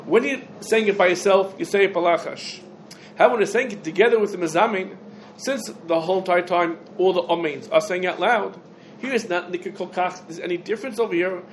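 High-voiced man giving a quick Talmud lesson. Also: a little hiss or hum, poor audio. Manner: rapid, loose Hebrew-English lecture speech with restarts. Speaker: rabbi teaching a Talmud class. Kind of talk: halachic lecture to a class.

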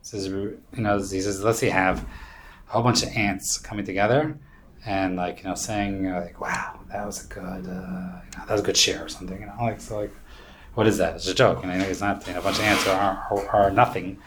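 A man's voice: low voice, fairly even intonation, a little fast, fairly bright tone, a little hiss or hum. A man teaching an informal Torah class, explaining in a loose, rambling way with many fillers and Hebrew terms.

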